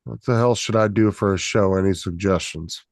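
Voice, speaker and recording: A man with a fairly low voice chats loosely on his stream, cursing freely and laughing at the comments. The sound is dry and close, with no room around it. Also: moderate pace, vocal fry, no room sound. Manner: laid-back, profane, laughs often. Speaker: streamer host. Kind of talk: casual livestream chat.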